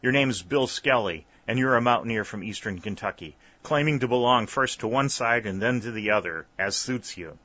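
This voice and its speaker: A man voicing a steady army sergeant in an audiobook, sharp and commanding. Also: mid-range voice, moderate pace, few pauses, no room sound, close to an everyday voice. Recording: slightly dull, dry recording.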